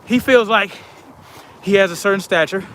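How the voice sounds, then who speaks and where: Male streamer, high voice, blunt casual talk to his chat, faint traffic noise behind. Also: fairly bright tone. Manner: blunt, conversational, drawn-out emphasis. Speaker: live stream host. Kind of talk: casual live-stream chat reading comments.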